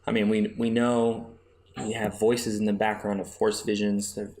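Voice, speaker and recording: A man's voice: lowish voice, flat delivery, moderate pace, darkish tone, slight background noise. A man hosting a podcast, making his case in a chatty, argumentative way with many restarts. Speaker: podcast host. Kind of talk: casual fan discussion.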